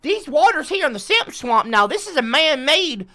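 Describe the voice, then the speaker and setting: A woman's voice: high voice, sing-song, moderate pace, sharp tone, voice pushed up, exaggerated voice. A woman voicing a folksy male swamp tour guide with a drawl and salesy welcoming patter.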